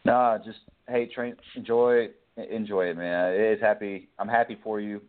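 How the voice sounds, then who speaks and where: A man co-hosting a casual sports talk show, speaking in a measured, sincere way over a tinny line. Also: fairly low pitch, steady tone. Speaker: co-host. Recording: tinny phone-line audio.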